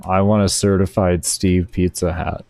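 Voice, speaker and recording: A man's voice: low-pitched, little pitch movement, normal speed, a little mellow, dry recording. A male streamer in laid-back, slangy casual chat, talking to his viewers. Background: faint background music.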